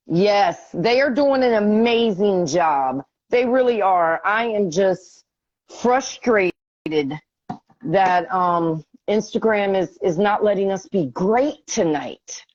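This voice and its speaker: A woman's voice: medium pitch, animated, slow, a little mellow, no room sound. A woman hosting a casual live stream, talking to herself as she struggles with the app and grows frustrated. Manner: frustrated, talking to herself while fixing tech. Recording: dull lo-fi stream audio.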